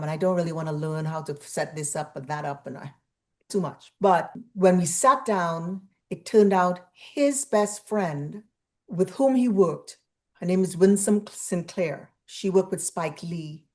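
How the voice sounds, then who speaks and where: A woman from Trinidad, a guest on a radio interview, telling stories animatedly and acting out the dialogue she quotes. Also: lowish voice. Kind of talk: casual interview chat.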